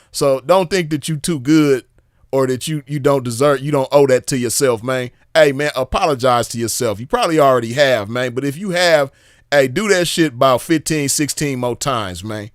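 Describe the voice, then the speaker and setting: A man's voice: on the high side, clear, resonant tone, no echo, studio quality. Emphatic, profane man ranting on camera. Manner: emphatic, repetitive, profane, rhetorical questions. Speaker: commentator reviewing drama. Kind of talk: casual commentary vlog.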